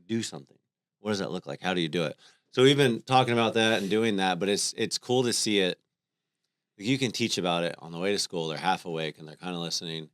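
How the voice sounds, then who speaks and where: A man in his thirties, a podcast co-host, telling stories about his family in a relaxed, conversational way. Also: low voice, quick pace, no room sound, clean studio sound. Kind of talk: casual faith conversation.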